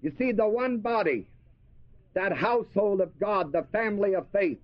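In a dry, dull lo-fi recording with no room sound, a man with a high, animated voice delivers a sermon at a moderate pace. He poses questions to his listeners and answers them, repeating key words for emphasis.

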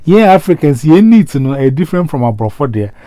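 A man hosting a casual chat, animated, with frequent exclamations. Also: on the high side, a little fast, dry recording. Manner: animated, mixing English and local language, frequent exclamations.

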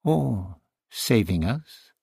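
Brief: man reading soft-spoken priest, husky, lively intonation. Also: lowish voice, no echo, clean studio sound, full character voice. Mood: gentle. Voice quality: quiet, measured.

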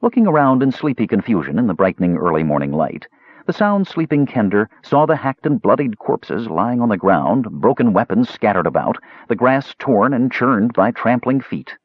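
A man narrating a fantasy novel in an expressive storytelling voice. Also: on the low side, moderate pace, husky, no room sound. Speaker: audiobook narrator. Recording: dull lo-fi recording.

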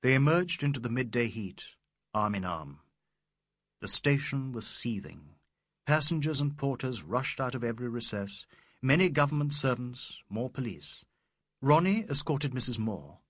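A man reading a novel aloud as narrator, expressive and measured. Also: mid-range voice, no echo, studio quality. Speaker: audiobook narrator. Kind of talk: scripted narration.

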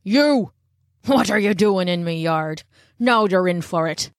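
A woman's voice: on the low side, expressive, a little slow, no room sound, studio quality. A woman voicing a gnarled, mean old man who barks threats in rustic speech. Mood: angry. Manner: gruff, barking, rustic speech.

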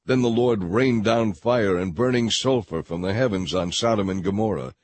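Low-voiced male scripture reader. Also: dry recording. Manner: measured, steady. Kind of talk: scripted narration. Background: faint music.

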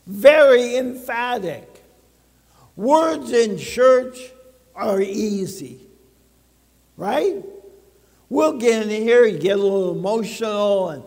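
A pastor preaches in a church, his fairly high male voice slightly mellow, lively in intonation, and delivered without hurry. The long reverb of the hall carries his emphatic sermon as he checks in with the congregation.

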